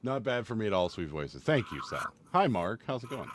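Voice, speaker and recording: Live-stream co-host, male, deep and animated, Western Pennsylvania accent, earbud mic with light noise. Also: normal speed. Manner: reads viewer comments aloud, fiddles with audio settings. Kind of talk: casual live-stream chat. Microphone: earbud microphone.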